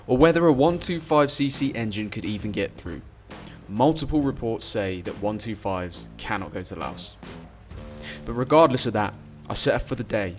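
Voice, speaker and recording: In a casual travel vlog, a young man with a lowish voice narrates his own motorbike trip. He's cheeky and self-mocking, breaking into bursts of excitement.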